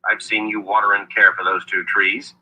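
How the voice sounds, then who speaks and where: A man voicing a blunt, impatient young male hero, with a husky voice, in an audiobook reading. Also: on the low side, little pitch movement, moderate pace, pushed and bright, poor audio.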